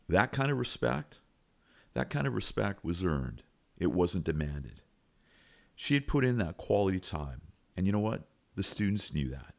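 A middle-aged man hosts a teaching podcast and spins a personal anecdote. His voice is low and deep, and he tells the story in a lively, folksy manner with plenty of asides to the listener. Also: creaky. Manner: animated, folksy retelling with repeated asides.

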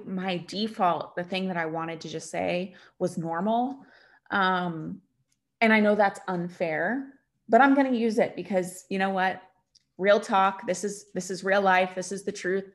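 A woman hosting her own podcast, talking candidly in a rambling, conversational way and retelling what people said to her. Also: medium pitch. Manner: candid and rambling, with many fillers and retold dialogue. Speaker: podcast host. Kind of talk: casual confessional chat.

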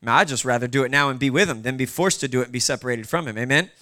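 A man's voice: mid-range voice, very fast, bright, forceful tone. A male pastor preaching casually, with conversational asides to the congregation. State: short on sleep. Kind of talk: sermon.

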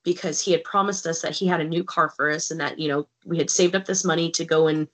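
Woman podcast guest, low-ish voice, blunt and profane storyteller. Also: steady tone, fast. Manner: candid, swears freely, acts out quoted people.

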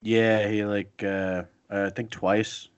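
A man co-hosting a movie chat, adding short, low-key comments. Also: flat delivery, takes it slowly, smooth, no echo, muffled recording. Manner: brief, low-key interjections. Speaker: co-host. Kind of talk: casual chat.

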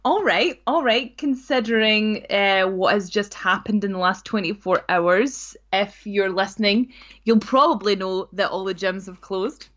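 A woman chats on a podcast she co-hosts, frank and giggly, with a voice of middle pitch. The audio is a bit dull and muffled. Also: unhurried, fairly bright tone. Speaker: podcast co-host. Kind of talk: casual chat.

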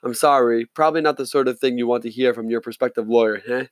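A male reader puts on an affable middle-aged lawyer who chats easily and apologizes often. His voice sits in a middle pitch and sounds close and dry, as in a read-aloud story. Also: fast, dry recording, close to an everyday voice. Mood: chatty. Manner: chatty, apologetic, friendly.

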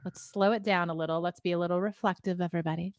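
A woman hosting a faith podcast, calmly coaching listeners through reflective questions. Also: lowish voice, racing, no echo, clean studio sound. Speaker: host. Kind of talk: guiding reflective podcast discussion.

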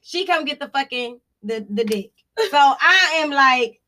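A woman's voice: high voice, moderate pace, sharp tone. A woman co-hosting a podcast, telling a long personal story in casual, profane chat with bursts of laughter. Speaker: podcast co-host.

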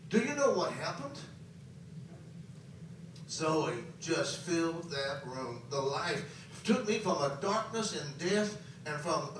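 A man preaching a sermon, swinging between soft and loud and repeating phrases for emphasis. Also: high-pitched, slight background noise. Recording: very echoey hall, voice from far off.

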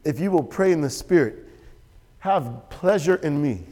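A man preaching a sermon as pastor, animated and storytelling. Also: fairly high pitch, a little slow. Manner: animated, storytelling with quoted voices and laughter. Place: church sanctuary. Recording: church hall with long reverb.

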